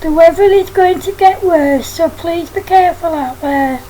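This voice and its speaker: A woman voicing a headteacher who calmly and formally addresses the whole school in a storybook reading. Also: extremely high pitch, moderate pace, a little hiss or hum, low-quality recording. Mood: firm. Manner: calm, formal announcing.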